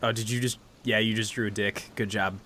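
A man's voice: on the low side, little pitch movement, fairly quick, sharp tone, no echo. A man chatting casually on stream, teasing with dry remarks. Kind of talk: casual chat.

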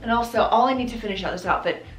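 A woman in her thirties talks rapid-fire in a slightly high voice during a casual try-on haul, bubbly about the clothes and laughing often. She's a fashion vlogger, and the echoey room holds faint background music.

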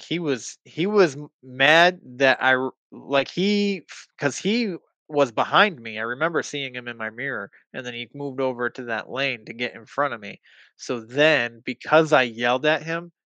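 A man telling a story as a podcast guest, swearing freely and throwing himself into the heated lines he quotes. His pitch sits mid-range for a man. The recording is close and dry, with no room sound. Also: unhurried, no echo, rough recording. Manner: animated, profane, acts out heated quotes. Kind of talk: casual storytelling.

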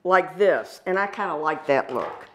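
A woman's voice: sits low, expressive, measured pace, a bit bright, a little hiss or hum. A woman chef with a Southern accent giving a folksy, chatty cooking demonstration. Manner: folksy, chatty, says y'all and sister.

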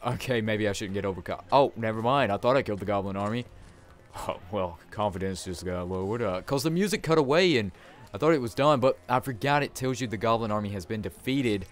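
A young man giving let's play commentary, talking to his viewers and swinging between excited outbursts and deflated mutters. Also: on the low side, fast talker, soft background music. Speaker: gameplay commentator.

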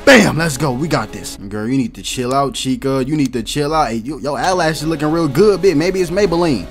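A young man doing loud, slangy, excitable let's-play commentary, swearing and shouting at game characters. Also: fairly high pitch, brisk, faint music behind. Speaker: gaming YouTuber.

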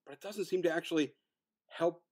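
Animated, profane man reviewing films. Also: on the high side, fairly quick. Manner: profane, animated, mocking impressions. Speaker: podcast co-host. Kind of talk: casual film review chat.

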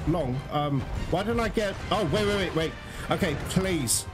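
A man commentating his own gameplay, his voice fairly high for a man and swinging widely in pitch as he exclaims and swears at the game. Loud game music plays behind him the whole time. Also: animated, measured pace. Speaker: gaming channel host.

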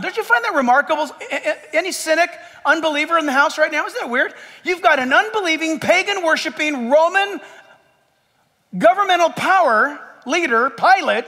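High-pitched, impassioned male pastor preaching. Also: lively intonation, normal speed, sharp tone, big-room sound. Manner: impassioned, emphatic, with jokes and rhetorical questions. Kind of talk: sermon. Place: church sanctuary.

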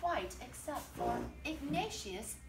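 An older woman reading a picture book aloud to children in an expressive, sing-song way, stopping to ask them questions. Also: sits high, takes it slowly. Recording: roomy, from a distance, faint noise.

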